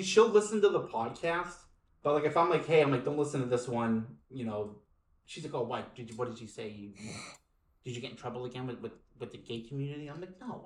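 A man's voice: medium pitch, echoey room. A man hosting a podcast, chatting casually, with joking asides and swearing. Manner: animated, swearing, jokey. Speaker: podcast host.

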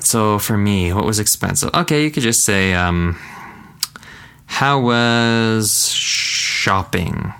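A man teaching a casual language lesson, chatty and relaxed, slowing down to repeat phrases for practice. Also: on the low side, vocal fry.

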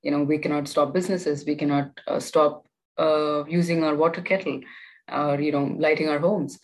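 Young female student guest, low voice, chatty, rambling delivery full of fillers. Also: fairly even intonation, moderate pace, poor audio. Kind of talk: casual interview.

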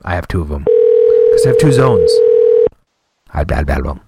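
A man's voice: very deep voice, sing-song, moderate pace, vocal fry, very noisy. A man co-hosting a podcast in casual chat, laughing often and joking around. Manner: laughs often, runs the soundboard jokes. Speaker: podcast co-host.

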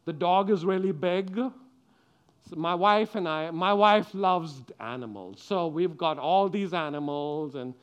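A man's voice: fairly high pitch, slow pace, smooth. A middle-aged man giving a children's sermon, telling the story with animation and asking the children questions. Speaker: preacher.

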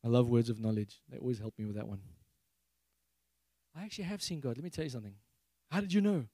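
A man from Africa, preaching a sermon on a handheld mic and acting out prayers in a high, excited voice. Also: fast talker, dry recording. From South Africa. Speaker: pastor.

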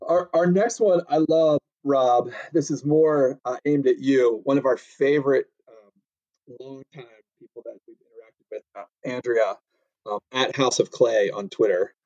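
A man's voice: mid-range voice, a little slow, a little mellow, no echo, lo-fi sound. A man co-hosting a casual chat, rambling with many fillers and frequent laughter. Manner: laughs often, loose filler-heavy talk. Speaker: podcast co-host.

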